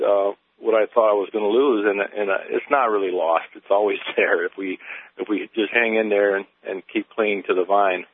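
An older man speaks over a tinny phone line with a low voice. He talks haltingly, with many pauses and fillers. The sound is dry and close. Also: dry recording. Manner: halting, many uh and um, gets emotional. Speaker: caller. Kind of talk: phone-in testimony.

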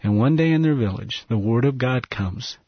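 A man, a missionary guest in an interview, telling an earnest, emotional story and dropping to a hushed voice at tender moments. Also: medium pitch, lively intonation, normal speed, husky, no room sound, lo-fi sound.

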